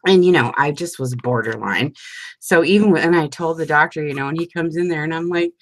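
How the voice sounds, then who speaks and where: A woman in her forties chatting casually with her crafting group at home, talking fast and laughing often. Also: lowish voice. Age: 40s. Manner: chatty and animated, breaks into frequent laughter. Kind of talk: casual chat.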